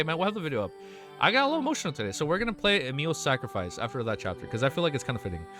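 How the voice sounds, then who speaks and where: A man hosting his channel, reading a web novel aloud and breaking off to react with swearing and emotional outbursts, stumbling over lines. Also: a little high. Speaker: channel host.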